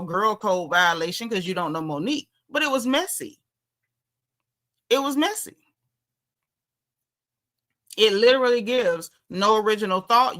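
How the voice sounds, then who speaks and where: This livestream host, a woman with a Southern US drawl, goes through viewer comments in a blunt, sassy, chatty way thick with dialect. She has a mid-range voice and a sharp tone.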